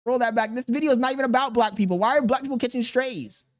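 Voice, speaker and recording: A man streaming live and commenting on clips in an animated, exclaiming way. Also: very high voice, fast talker. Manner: animated, laughing, exclaims often. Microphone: streaming studio mic.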